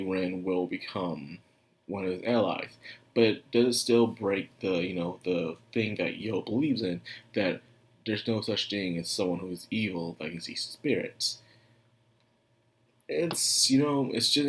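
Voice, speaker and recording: A man's voice: lowish voice, measured pace. A man giving a casual, rambling anime review, chatty and often laughing.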